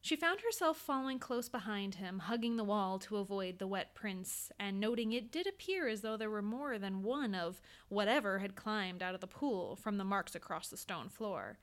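A woman reads a scripted story aloud with a measured, suspenseful delivery. Her voice sits at a middle pitch, and her pacing holds tension through the scene. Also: lively intonation. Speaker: narrator.

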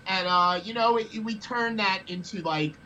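A man's voice: sits high, normal speed, pushed and bright, lo-fi sound, slight background noise. A man guest telling a story in a casual, rambling way, often repeating words as he thinks.

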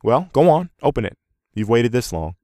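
A man voicing a brisk, knowing wife and mother who chides and teases. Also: medium pitch, sing-song, mellow, dry recording, clean studio sound, pitched above the performer's own voice, close to an everyday voice.

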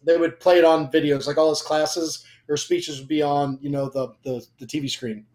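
A man's voice: on the high side, flat delivery, normal speed, darkish tone. A young man sharing a personal faith testimony in casual conversation, emotional and rambling, with frequent fillers and restarts. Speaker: guest.

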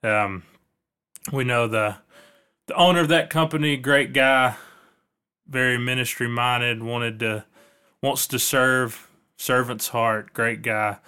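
A man's voice: medium pitch, sharp tone, clear, resonant tone. A man hosting a podcast, chatting loosely and joking his way through sponsor reads. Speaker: podcast host. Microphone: podcast microphone.

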